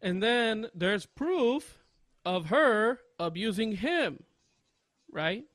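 A man's voice: high voice, expressive, extremely slow, dry recording. Rambling young man telling stories on a podcast. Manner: rambling storyteller, laughs loudly at own jokes. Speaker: podcast co-host. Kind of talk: casual podcast chat.

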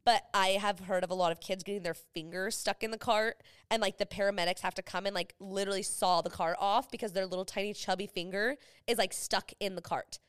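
A young woman co-hosting a podcast, a mother telling animated, giggly stories in a casual chat. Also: mid-range voice, fairly quick, few pauses, clean tone, no echo, studio quality. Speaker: podcast co-host.

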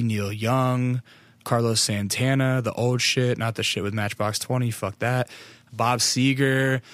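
A man's voice: medium pitch, a bit bright, dry recording. A young American man hosting a podcast, talking casually and rambling with lots of fillers and swearing. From United States. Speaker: podcast host.

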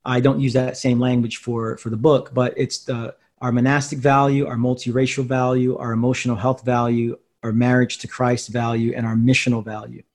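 Male pastor-author, measured, reflective interview guest. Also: medium pitch, flat delivery. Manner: measured, thoughtful, with fillers.

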